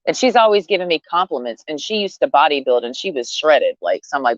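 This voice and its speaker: A woman with a low voice venting in a blunt, rambling, profanity-laced rant. The sound is dry and a little dull. It is a slightly lo-fi recording. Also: sing-song, fast talker, few pauses, no room sound. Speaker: vlogger. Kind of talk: casual rant to camera.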